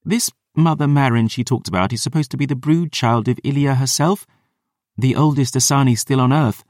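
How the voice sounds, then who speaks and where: Man voicing a defiant, sharp-tongued teenage girl. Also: medium pitch, dry recording, clean studio sound, voice pushed up, lightly acted. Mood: earnest. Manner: scornful, quick retorts. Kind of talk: audiobook character voice.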